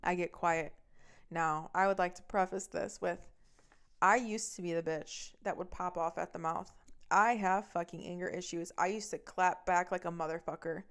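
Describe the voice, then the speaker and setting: Smooth-voiced woman telling a heated story. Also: lowish voice, fairly even intonation, a bit bright. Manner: heavy swearing, fast and heated. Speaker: podcast host. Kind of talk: storytelling, personal anecdote.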